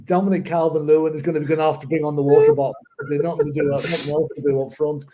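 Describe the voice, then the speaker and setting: A man who is a regular on a football podcast, giving measured opinions with dry jokes. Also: a little high, level tone, background noise. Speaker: regular pundit. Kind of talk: casual football podcast chat.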